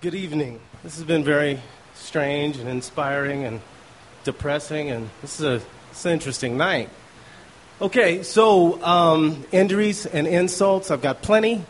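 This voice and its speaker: A man starting his stories on a live stage, pausing with "um" and "uh". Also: a little high, a little hiss or hum. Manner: hesitant, with "um" and "uh". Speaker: storyteller. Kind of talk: live storytelling opening.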